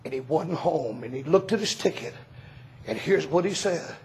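A man preaching a revival sermon in a church, telling stories and rising into shouts. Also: a little high, animated, normal speed. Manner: storytelling, bursts into shouting.

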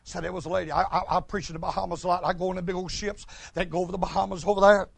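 A man's voice: high voice, level tone, rapid-fire, gravelly, slightly rough. A man preaching a folksy sermon, telling stories and calling for responses. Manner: folksy, storytelling, calls for responses.

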